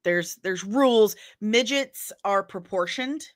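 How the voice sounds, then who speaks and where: A woman's voice: medium pitch, slow, no room sound, clean studio sound. A woman chatting casually and candidly on a livestream, rambling, laughing often and apologizing in asides.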